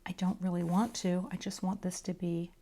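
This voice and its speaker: A woman's voice: fairly low pitch, flat delivery, moderate pace, warm tone. A woman teaching card coloring in a casual, chatty talk-through, self-deprecating and muttering to herself as she works. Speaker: craft teacher.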